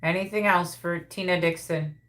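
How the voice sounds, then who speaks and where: Lowish-voiced woman relaying psychic messages. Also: steady tone, normal speed, a bit bright. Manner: relays messages, repeats phrases as they come through. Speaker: psychic reader hosting a live stream. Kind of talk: live-stream psychic reading.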